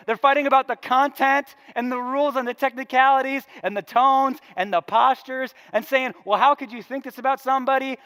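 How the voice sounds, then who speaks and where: A man preaching a sermon, telling a story with animated swings between quiet asides and loud punchlines. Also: very high-pitched. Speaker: pastor. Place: large church auditorium. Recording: long hall reverb in a church.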